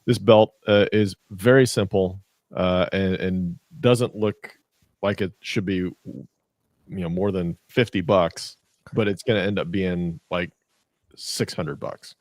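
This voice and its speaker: A man's voice: sits low, fairly even intonation, takes it slowly, darkish tone, dry recording. A man co-hosting a podcast, teasing the host and reading economic news with some hesitations. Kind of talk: casual podcast banter and read news.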